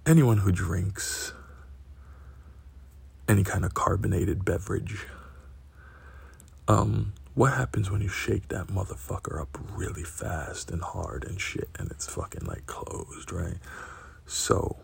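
A man's voice: low voice, sing-song, slow pace, vocal fry, long pauses, husky. A man telling a casual, profanity-heavy anecdote, often tagging lines with "right?" and laughing between them. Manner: profane, keeps asking "right?".

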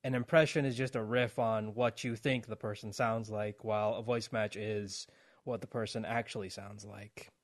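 A man's voice: fairly low pitch, flat delivery, moderate pace. A man hosting a podcast in a casual, chatty way, explaining things for listeners. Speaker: podcast host.

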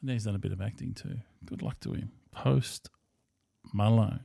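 A man's voice: on the low side, moderate pace, vocal fry, warm tone, no room sound, clean studio sound. An Australian man rambling through a casual monologue as a podcast host, blunt and profane.

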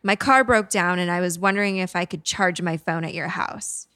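A woman's voice: lowish voice, moderate pace, bright, forceful tone, no echo, clean studio sound. A woman doing a blunt hulking drifter. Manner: mock-polite then pushy.

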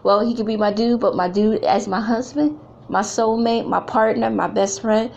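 A woman's voice: a little high, moderate pace, gravelly, darkish tone, lo-fi sound, a little hiss or hum. A middle-aged woman giving an emphatic, blunt talk to other women, mixing slang and preachy repetition.

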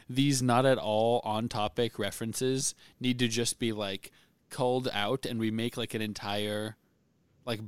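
A man co-hosting a casual podcast, animated and quick to joke and laugh. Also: mid-range voice, clear, resonant tone, dry recording. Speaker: podcast co-host.

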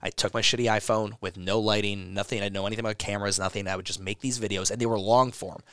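Rambling, profane man with a low voice. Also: steady tone, fast, fairly bright tone, clear, resonant tone, dry recording, studio quality. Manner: rambling, profane, frequent restarts. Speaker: gym business consultant. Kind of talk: casual interview talk.

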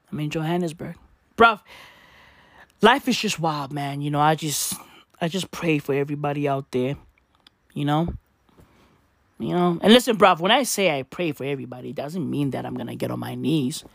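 A man's voice: high-pitched, creaky, no room sound, clean studio sound. A man hosting a podcast in a rambling, profane comedic monologue. He repeats himself and fills his talk with slang and swearing. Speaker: podcast host.

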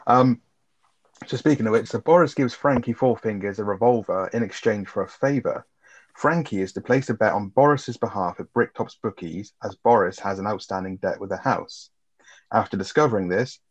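A man co-hosting a casual film review, bantering and swearing freely as he recaps scenes. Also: lowish voice. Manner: swears freely, bantering, quotes lines with a laugh. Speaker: podcast co-host. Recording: muffled lo-fi sound.

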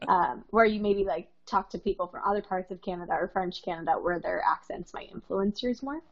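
A woman's voice: mid-range voice, a little fast. A woman co-hosting a casual podcast chat, thoughtful and supportive. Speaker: podcast co-host. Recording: dull lo-fi sound.

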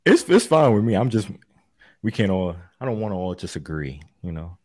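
A man's voice: on the low side, big pitch swings, fairly quick, darkish tone, no echo, clean studio sound. A man co-hosting a casual podcast and running a bracket, laid-back, laughing often and swearing freely. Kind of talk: casual chat.

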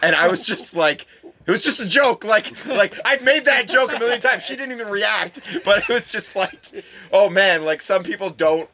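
A man's voice: high-pitched, animated, normal speed. A man in casual comedic chat, telling crude anecdotes in an easygoing way.

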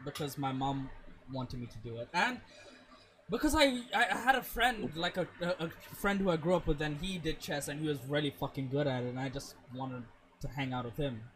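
A young man in casual chat, telling an animated story full of swearing. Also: fairly high pitch, brisk, poor audio.

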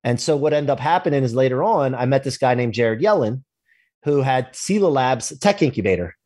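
A male entrepreneur appears as a podcast guest, telling a personal business story in a casual interview. His mid-range voice moves fairly quickly on a dry, clean studio recording, and he is animated, acting out quoted dialogue and swearing casually.

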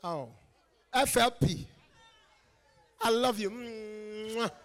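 A Ghanaian man preaching a lively conference sermon, teasing his listeners and swinging from quiet asides to shouted calls. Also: high-pitched, normal speed, long reverb tail. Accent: Ghanaian English. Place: large conference hall.

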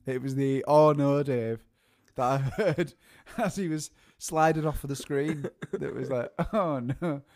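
A man's voice: medium pitch, measured pace, darkish tone. A man co-hosting a live music show, chatting casually and laughing his way through a rambling story. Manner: rambling, repeats words as he restarts.

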